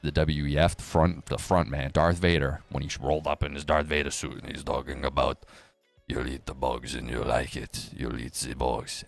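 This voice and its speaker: A young man with a bass voice hosts a crypto news live stream, rambling casually, making sarcastic remarks, swearing and jumping quickly between topics. The recording is dry.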